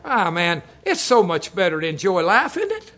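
A man's voice: high voice, wildly swooping pitch, moderate pace, bright, forceful tone. An older man preaching a folksy, joking sermon, telling stories and chuckling often. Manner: jokey, storytelling, chuckles often.

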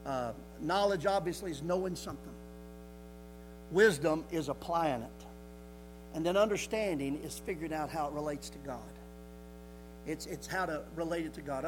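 Preacher, man, high voice, repeats key phrases with rising fervor, light hum behind. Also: rough recording. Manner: reads scripture aloud in old-fashioned wording. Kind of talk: sermon.

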